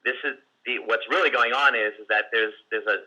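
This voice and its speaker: A man's voice: mid-range voice, fairly even intonation, brisk, bright, forceful tone, rough recording. A man coaching salespeople on a group call, talking casually with lots of restarts and fillers. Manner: conversational, many restarts and fillers; acts out client and seller lines in quotes. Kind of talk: teaching on a recorded group call.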